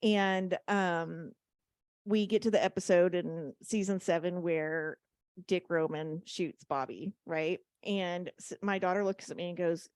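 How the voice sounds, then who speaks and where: A woman co-hosting a podcast in casual chat, telling a playful, animated story. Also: fairly low pitch, measured pace, no echo, clean studio sound. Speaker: podcast co-host.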